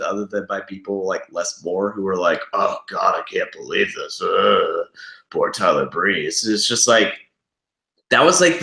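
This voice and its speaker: A man's voice: fairly low pitch, a bit bright, roomy sound. A young man co-hosting a casual podcast chat, rambling and packing his talk with "like". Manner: rambling, filler-heavy, says "like" constantly. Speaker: podcast co-host.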